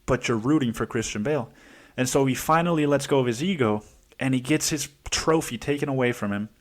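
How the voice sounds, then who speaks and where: A man's voice: medium pitch, brisk. A man hosting a podcast in a casual, rambling monologue full of curses, fillers and restarts. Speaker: podcast host.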